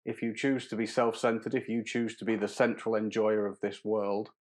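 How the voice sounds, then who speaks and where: Male podcast guest, lowish voice, earnest and philosophical, repeats himself. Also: level tone, normal speed, a little mellow. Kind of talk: casual conversation.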